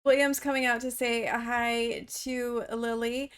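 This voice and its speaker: A woman giving chatty, casual gameplay commentary with frequent gasps and excited exclamations. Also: a little high, measured pace, smooth. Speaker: let's play host.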